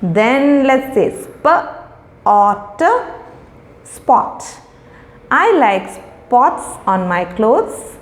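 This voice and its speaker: Woman teacher, slow and patient, lively rising voice, echoey room. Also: fairly high pitch. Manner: patient, repeats and explains each word. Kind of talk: recorded lesson for young children.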